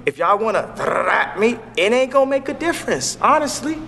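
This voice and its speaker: Impassioned high-voiced man. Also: big pitch swings, normal speed, gravelly, sharp tone, in a large hall, slight background noise. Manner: preachy, impassioned, rambling. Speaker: interview guest. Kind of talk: animated interview talk.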